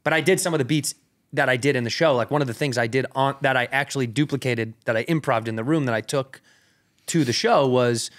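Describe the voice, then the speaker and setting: A man's voice: medium pitch, fast, a bit bright. Slangy man telling a story. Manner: loose and slangy, peppered with "like" and "rad", swears freely. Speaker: podcast guest, comedian. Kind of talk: casual storytelling chat.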